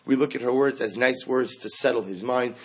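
A man teaching a Talmud class, animated, acting out the quoted speakers as he explains each case. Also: mid-range voice, fairly quick, a little hiss or hum. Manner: animated, acts out quoted speakers, mixes Aramaic terms into English.

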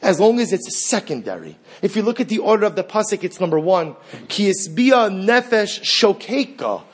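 A man's voice: sits high, very animated, normal speed, slightly rough. Male preacher, impassioned and repetitive, quoting Hebrew verses. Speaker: rabbi. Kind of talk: sermon.

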